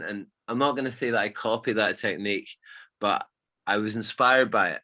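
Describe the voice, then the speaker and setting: A man, a DJ guest telling stories in a casual, animated chat and swearing freely. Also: on the low side, moderate pace.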